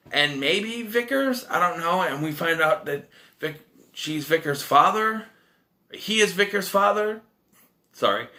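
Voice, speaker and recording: A man's voice: fairly high pitch, bright, forceful tone. A man giving a casual spoken movie review, recapping the plot in a rambling way, correcting himself and tossing in wry asides. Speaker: film reviewer.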